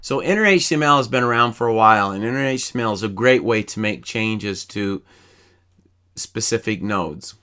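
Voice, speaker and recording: Bright-voiced man explaining code step by step. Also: fairly low pitch. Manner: calm, methodical, explains each step while typing. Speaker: programming instructor. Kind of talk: screen-recorded coding tutorial.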